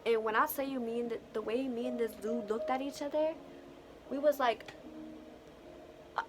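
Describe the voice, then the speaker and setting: A woman's voice: on the high side, normal speed, background noise. Young woman telling a wild storytime. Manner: animated, slangy and profane, acting out quotes. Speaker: vlogger. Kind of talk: casual storytime.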